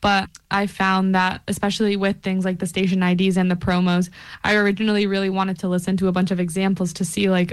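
A woman's voice: mid-range voice, level tone, fast, clean tone. A young woman, a radio intern, reflecting on her work in a casual interview.

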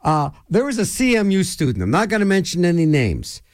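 A man's voice: high-pitched, a little fast. A man hosting a local radio show, talking in a rambling, digressive way. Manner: rambling, digressive, animated storyteller. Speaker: radio host. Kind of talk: rambling casual radio talk.

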